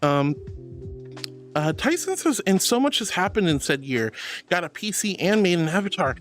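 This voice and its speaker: A man's voice: sits high, big pitch swings, moderate pace, fairly bright tone, faint music behind. A young man streaming, reading chat messages aloud in an affectionate, theatrical way, calling viewers honey and sweetie.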